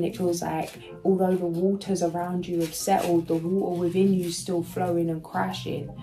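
Soft music underlies a rough recording of a woman reading tarot for her audience. Her voice is on the low side, and her soothing, spiritual delivery is emotional, with moments where she searches for words.

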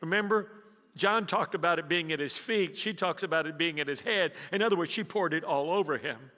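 A man preaching a sermon as pastor, telling the story dramatically, dropping from loud emphasis to hushed near-whispers and drawing the congregation into call-and-response. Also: fairly high pitch, fairly quick. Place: church sanctuary. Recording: long reverb of a church hall.

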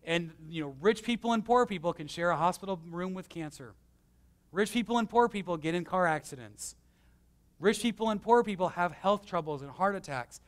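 A man preaching a conversational sermon as pastor, swinging between emphatic and hushed, with self-deprecating stories. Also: high-pitched, expressive, brisk. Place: church.

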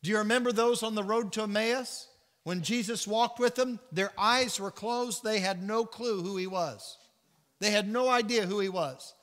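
A man's voice: high voice, normal speed, a bit bright. A man with a Southern US accent leading a Bible study, preaching earnestly and telling stories while acting out the voices in them. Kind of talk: sermon-style Bible teaching with storytelling. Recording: church hall reverb.

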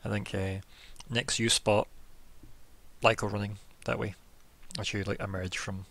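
A man's voice: fairly low pitch, flat delivery, unhurried, a bit bright. A man narrating as game master in a tabletop role-playing session, loose and chatty, often breaking into laughs.

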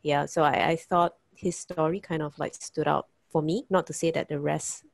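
Low, gravelly-voiced woman on a call. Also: fairly even intonation, moderate pace, dry recording, poor audio. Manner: chatty, laughs while telling. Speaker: workshop participant. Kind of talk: casual answer on a video call. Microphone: video call.

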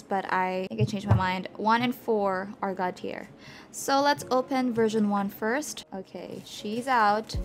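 A young woman excitedly unboxing albums in a vlog, gasping and squealing with delight. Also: fairly high pitch. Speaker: book and K-pop vlogger. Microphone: desk USB microphone.

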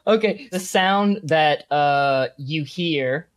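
A man narrating a tabletop game as game master, pausing often with ums as he describes scenes. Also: fairly high pitch, rough recording. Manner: hesitant, filler-heavy narration with lively swings.

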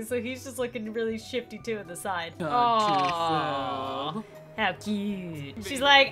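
A young woman chats through a video game in a high, very animated voice. Her commentary bursts into quick exclamations and laughter, with a crisp brightness. Faint music plays behind her. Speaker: gaming YouTuber. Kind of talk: casual gameplay commentary.

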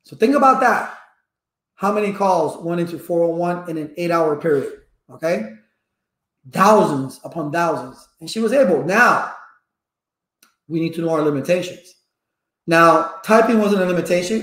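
High-voiced man telling stories. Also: normal speed. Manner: lively storyteller with personal anecdotes. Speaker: networking instructor. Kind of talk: casual rambling talk to viewers. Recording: echoey room.

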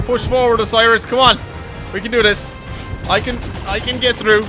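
A man playing a shooter for the first time, laughing, swearing and shouting at his teammates as he goes. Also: very high-pitched, steady tone, moderate pace. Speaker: gaming YouTuber. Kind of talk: excitable let's-play commentary. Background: game music and vehicle sounds.

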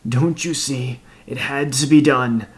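A man voicing a frail, blind old man in his seventies who is a killer, speaking slowly and pleadingly. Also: mid-range voice, pitched above the performer's own voice, natural voice. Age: 70s.

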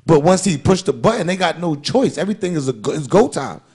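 A man with a gravelly, husky voice argues in loose, heated podcast chat. He talks with animated force and swears freely. He keeps pressing his point over his co-host. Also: a little high, quick pace.

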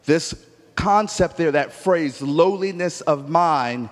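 A man preaching a sermon, telling stories with acted-out dialogue and rising to emphatic near-shouts. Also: a little high, takes it slowly. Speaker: pastor. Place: church sanctuary. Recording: long church hall reverb.

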